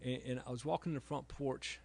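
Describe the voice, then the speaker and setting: A middle-aged man, an author and emergency room doctor, giving a halting talk with self-deprecating humor at a library event. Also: medium pitch, steady tone, creaky.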